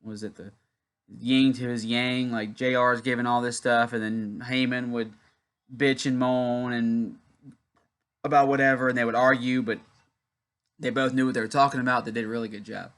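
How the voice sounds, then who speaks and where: A man's voice: mid-range voice, little pitch movement, normal speed, a bit bright. Chatty man hosting a wrestling watch-along. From Louisiana, USA. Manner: chatty, rambling storyteller with restarts. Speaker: YouTube wrestling channel host. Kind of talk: casual watch-along commentary.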